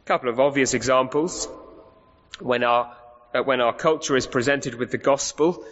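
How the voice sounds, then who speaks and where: A man's voice: mid-range voice, steady tone, moderate pace, a bit bright. A male preacher delivering an emphatic sermon, asking the congregation rhetorical questions and often restarting his sentences. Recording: reverberant hall, muffled sound.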